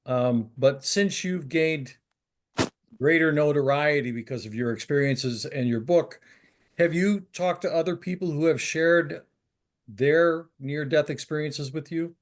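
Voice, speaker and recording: A man's voice: fairly high pitch, a little slow. A man from the audience at a group meeting, asking a question in a polite, careful, hesitant way. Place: meeting room.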